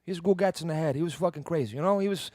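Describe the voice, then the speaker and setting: A man telling a rambling story in casual podcast chat, excited and swearing freely. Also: a little high, racing, dry recording, studio quality.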